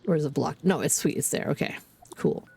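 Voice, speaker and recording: Candid Canadian woman streamer, low voice. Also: brisk, gravelly, darkish tone, husky. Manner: candid, swears freely, rambling restarts. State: under the weather. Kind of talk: casual gaming stream chat.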